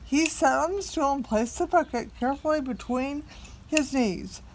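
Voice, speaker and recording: A woman reading a picture book aloud to a small child, expressive and coaxing the child to join in. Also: high voice, normal speed, a little hiss or hum.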